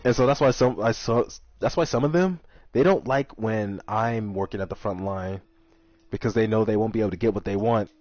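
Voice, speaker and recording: A man's voice: on the low side, fairly quick, darkish tone, dry recording. A man who works as a kitchen server, casually telling a rambling, exasperated story about work. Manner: rambling, exasperated retelling with acted-out quotes. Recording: dull lo-fi audio with faint music.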